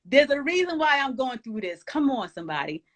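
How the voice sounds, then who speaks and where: A woman from Jamaica, appearing as a guest and author in an inspirational conversation, exhorts and encourages emphatically, almost like a preacher. Her voice sits high with big pitch swings and a fairly bright tone, and she speaks briskly.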